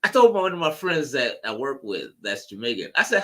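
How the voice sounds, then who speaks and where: A man's voice: medium pitch, very animated, a little fast, few pauses, a bit bright. A man co-hosting a casual chat show, joking and rambling with lots of fillers. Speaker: co-host.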